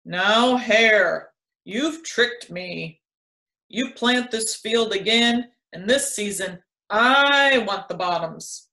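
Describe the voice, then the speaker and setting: A woman's voice: medium pitch, expressive, very slow, sharp tone, roomy sound, heavily acted. A woman doing a grumpy, put-upon bear. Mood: sleepy, complaining. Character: lazy grumpy male bear, easily fooled.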